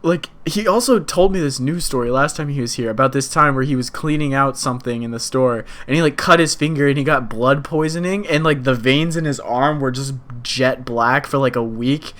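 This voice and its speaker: A man's voice: medium pitch, a little fast, few pauses, fairly bright tone. A young man co-hosting a podcast, telling a story in casual chat, laughing often and swearing freely. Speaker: podcast co-host.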